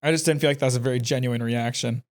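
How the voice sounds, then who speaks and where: A man co-hosting a comedy podcast, teasing his partner with mock threats and quick jokes. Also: medium pitch, fairly even intonation. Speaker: podcast co-host. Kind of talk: casual comedy podcast banter.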